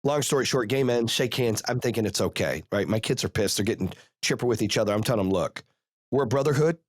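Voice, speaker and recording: A man hosting a podcast, telling a story in a casual, profane, animated way and rattling off rapid play-by-play. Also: lowish voice, dry recording, studio quality. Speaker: podcast host.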